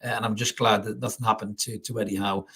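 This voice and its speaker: A man hosts a live football reaction stream with a somewhat husky, breathy voice. He talks casually, with a few fillers and curses, and stops now and then to read and answer viewer comments. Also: fairly low pitch, flat delivery, fast, fairly bright tone. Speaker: fan channel host.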